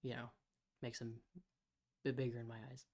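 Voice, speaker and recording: A male podcast co-host talking casually at a middle pitch. He hesitates and restarts his phrases often. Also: level tone, a little fast, a little mellow. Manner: hesitant, repeats his words.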